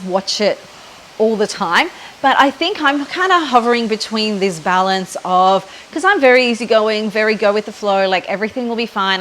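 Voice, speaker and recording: An Australian woman in her thirties chats loosely to her audience, rambling with frequent ums and likes. She holds her camera herself and talks outdoors on a breezy waterfront. A faint hiss runs under the recording. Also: medium pitch. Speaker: podcast host. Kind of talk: casual spiritual chat to camera. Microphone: handheld phone camera.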